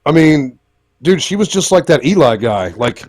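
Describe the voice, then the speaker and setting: Animated, ranting man hosting a podcast. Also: fairly high pitch, moderate pace, dry recording. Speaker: podcast host. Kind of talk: casual live podcast chat.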